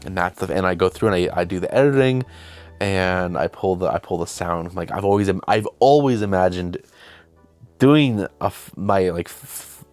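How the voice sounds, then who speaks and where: Speaking straight to camera, a young man with a deep, low voice tells a loose, rambling story at normal speed, often poking fun at himself and acting out what people said. Soft music plays faintly beneath the dry recording. He is a video host and filmmaker.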